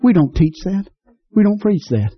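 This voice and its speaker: A middle-aged man with a drawl preaches in a folksy, fervent way, his voice a touch high for a man and jumping higher when he gets going. The sound is a dull, lo-fi radio broadcast. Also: big pitch swings, normal speed, slightly rough. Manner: folksy, fervent preaching with sudden rises in pitch. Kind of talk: sermon.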